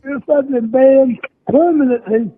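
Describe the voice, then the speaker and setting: A man's voice: very high-pitched, measured pace, slightly rough. Threatening man on a tinny phone line. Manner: threatening, cursing. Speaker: voice in a played message. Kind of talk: angry profane rant.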